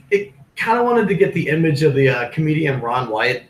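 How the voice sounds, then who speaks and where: A man's voice: medium pitch, sing-song, fairly quick, echoey room, a little hiss or hum, poor audio. A man hosting a live crypto stream in a casual, rambling way, with plenty of fillers and restarts. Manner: rambling, loose, with many fillers.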